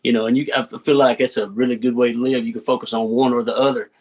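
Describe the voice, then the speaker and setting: In a fast, mid-range voice with a darkish tone and little pitch movement, a Southern American man talks easily as a guest on an interview. He's a country singer with a relaxed drawl who keeps addressing the host as "man."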